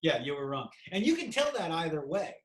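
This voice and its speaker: A man's voice: fairly high pitch, sing-song, brisk, a crowd in the background, rough recording. A man talking casually as a podcast guest on a call, rambling with restarts and turning playful when he jokes. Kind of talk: casual video call chat.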